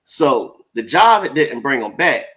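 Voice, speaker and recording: Lively laughing male co-host. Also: medium pitch, slow. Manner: animated, laughs often, emphatic. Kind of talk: casual chat.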